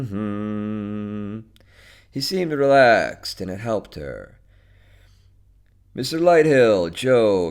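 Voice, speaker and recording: A man narrating a short story in a slow and expressive manner. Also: lowish voice.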